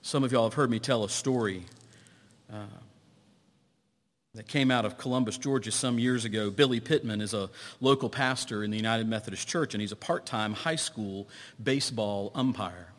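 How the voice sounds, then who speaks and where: A man, a pastor, preaching a sermon, telling stories and swinging between loud exclamations and hushed low tones. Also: normal speed, in a large hall.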